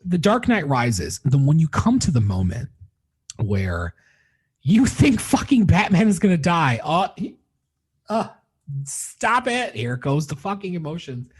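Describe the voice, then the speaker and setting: A young man rambles through a spoiler review on his podcast, swearing freely and letting his feelings spill over. His voice is husky and slightly breathy. His pitch swoops up and down animatedly as he talks. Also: huge pitch swings, measured pace. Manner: emotional, heavy swearing, rambling retelling. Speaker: podcast host reviewing a film. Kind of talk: casual spoiler review monologue.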